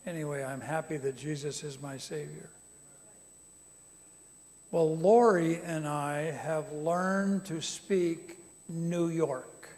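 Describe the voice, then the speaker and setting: A man preaching to a congregation, animated and rising to loud emphatic calls. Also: on the high side, slow pace, long pauses. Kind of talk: sermon to a congregation. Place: conference center hall. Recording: long reverb of a large hall.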